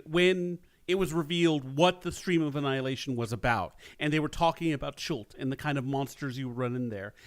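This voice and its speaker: A man hosting a podcast, engaged and explaining things in a casual chat. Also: a little high. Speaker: podcast host.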